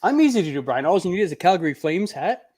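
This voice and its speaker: A man's voice: sits high, sing-song, fast talker, over a noisy crowd. A man from Canada chatting on a live beer stream, friendly and eager to tell stories. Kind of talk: casual chat.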